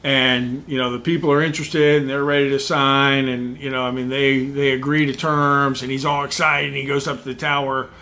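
A man's voice: fairly quick, few pauses. A middle-aged man co-hosting a podcast, telling a story in casual chat and acting out the people in it. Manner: animated, acts out quoted voices with rising pitch. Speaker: podcast co-host.

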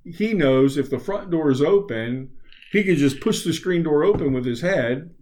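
A man in casual conversation, telling anecdotes in a halting way with many pauses and chuckles. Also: fairly high pitch, expressive, a little mellow. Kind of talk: casual chat.

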